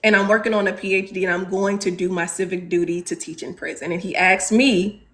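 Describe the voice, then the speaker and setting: A woman from Chicago's South Side in her thirties, earnestly telling a class a personal story and pausing on rhetorical questions. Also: medium pitch, fairly even intonation, a bit bright. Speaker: teacher leading a class discussion.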